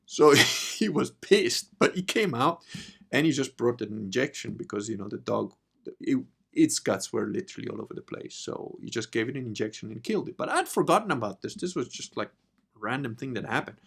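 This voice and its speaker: An Italian podcast host tells a personal story in a casual, profane, animated style, shifting between quiet asides and loud bursts. His mid-range voice is fairly quick, creaky, and slightly rough.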